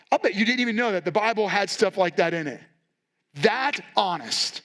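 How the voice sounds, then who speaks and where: A man's voice: high-pitched, expressive, moderate pace, a bit bright. A male pastor giving a sermon in a conversational, candid way, acting out the quotes he reads. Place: church.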